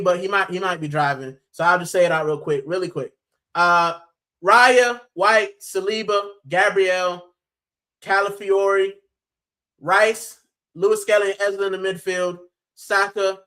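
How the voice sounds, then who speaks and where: A man's voice: sits high, sharp tone, poor audio. A man from Puerto Rico hosting a football channel's live stream, chatting casually and animatedly, with plenty of "bro".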